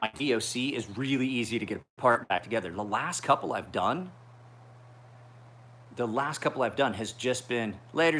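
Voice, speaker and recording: Listen to a man in his forties chatting on a casual livestream, his pitch swinging up and down as he rambles through a story. His voice is bright and forceful, and he swears freely. A faint noise sits under him. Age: 40s. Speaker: knife sharpener streaming live.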